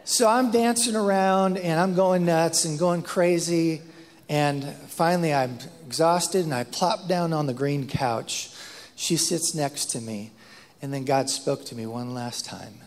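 A man preaching a sermon, telling a story with lively acted-out quotes and frequent repeated words. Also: on the high side, measured pace. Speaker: pastor. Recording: long hall reverb.

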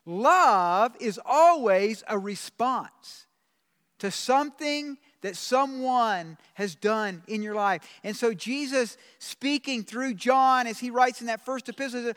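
A man, a pastor, delivering an earnest sermon in a church, reading scripture aloud and slowing down to stress key phrases. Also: extremely high pitch, a bit bright, smooth. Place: church sanctuary with congregation. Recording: long reverb of a large room.

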